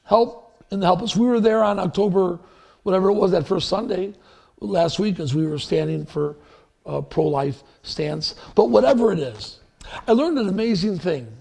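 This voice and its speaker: A man's voice: sits high, normal speed, gravelly, darkish tone. A man preaching a sermon as pastor, telling stories in a rambling, anecdotal way with restarts. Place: church sanctuary.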